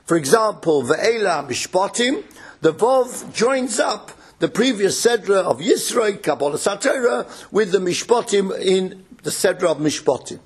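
A man's voice: high voice, animated, unhurried, breathy edge. A man giving a religious study lecture, explaining points and posing rhetorical questions to his listeners. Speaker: Torah lecturer.

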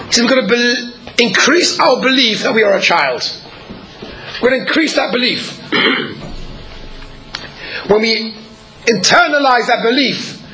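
A man, apparently a rabbi, giving an earnest sermon at a measured pace, pausing often and sometimes clearing his throat. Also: very high-pitched, bright, forceful tone, rough recording.

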